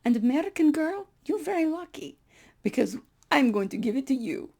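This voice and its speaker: Woman doing a brusque Soviet woman clerk, broken English, blunt, gravelly. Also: high voice, big pitch swings, moderate pace, dark tone, voice pushed up.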